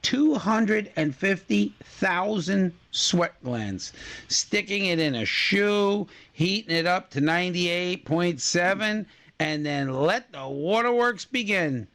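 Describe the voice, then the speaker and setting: A man's voice: sits high, takes it slowly. A man co-hosting a casual trivia radio show, joking around and telling stories with silly asides. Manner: jokey, animated, puts on silly voices. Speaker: co-host.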